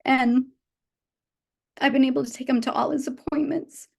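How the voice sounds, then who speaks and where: Earnest, higher-voiced woman in her fifties. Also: steady tone, normal speed, vocal fry. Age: 50s. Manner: earnest and heartfelt, with frequent restarts. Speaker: business team leader speaking to her team. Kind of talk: motivational talk to a live audience. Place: event room with a live audience.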